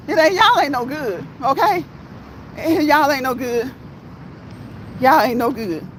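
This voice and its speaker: Live-stream host walking outside, high bouncy voice, chatty and slangy, traffic noise behind. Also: fairly bright tone, rough recording. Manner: chatty, laughs often, slangy. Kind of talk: casual live-stream chat while walking outdoors. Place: outdoors by a road, walking.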